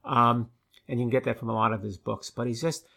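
Creaky-voiced man, enthusiastic co-host. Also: mid-range voice, steady tone, bright, forceful tone. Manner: enthusiastic, reads slowly and deliberately. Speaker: podcast co-host. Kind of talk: casual chat and reading aloud.

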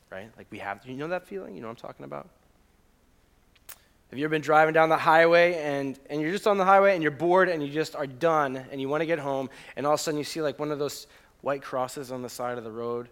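A man's voice: medium pitch, fairly bright tone. A young man preaching a conversational sermon, often asking the congregation questions and reading scripture aloud with feeling. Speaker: pastor.

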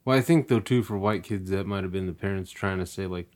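A man's voice: sits low, fast, hardly any pauses, a little mellow. A young man in casual podcast chat, cursing freely and laughing often. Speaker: podcast co-host.

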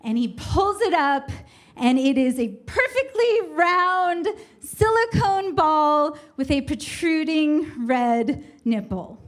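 A young woman with a high voice tells a comic personal story in an animated, self-mocking way. She takes her time and lets each line land slowly.

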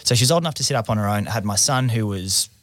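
Australian man, low voice, dry close sound. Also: racing, no room sound. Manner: animated storyteller, laughs at himself. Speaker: podcast co-host. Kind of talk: casual storytelling chat.

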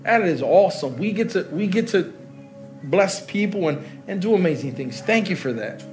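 A man's voice: high-pitched, lively intonation, moderate pace, darkish tone, faint music behind. A middle-aged man preaching live as pastor in a large church hall, joking with the congregation and laughing. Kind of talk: sermon.

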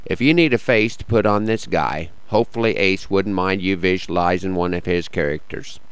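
A man's voice: low voice, normal speed, clean tone, no echo, low-quality recording. A man hosting a show, introducing a guest with dry, easygoing humor. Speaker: radio host introducing a guest. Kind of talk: casual spoken introduction.

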